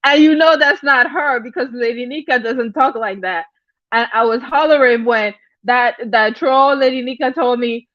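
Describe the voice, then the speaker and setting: A woman's voice: on the high side, normal speed, fairly bright tone, no echo, lo-fi sound. A woman hosting a casual livestream, chatting with viewers, greeting them by name and often repeating her phrases. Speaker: livestream host.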